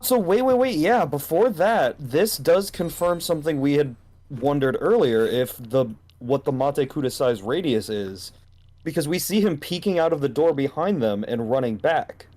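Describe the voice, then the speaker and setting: A podcast co-host whose pitch rises and falls a lot, musing about a comic chapter in casual conversation. The co-host picks out small details and builds little theories, now and then slipping in a joke. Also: expressive, moderate pace, darkish tone. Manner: analytical, points out details, jokey.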